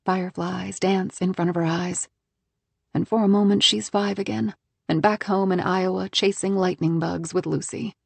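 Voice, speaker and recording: Role: audiobook narrator. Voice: husky woman, mid pitch. Style: tense, measured thriller reading. Sound: dry, close mic. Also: no room sound.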